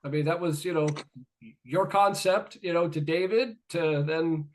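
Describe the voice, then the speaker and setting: A man hosts a podcast, mostly listening and answering with short words of agreement. His voice sits fairly high. The talk is casual. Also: a little slow. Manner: brief agreeing responses and laughter. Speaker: podcast host. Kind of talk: casual interview chat.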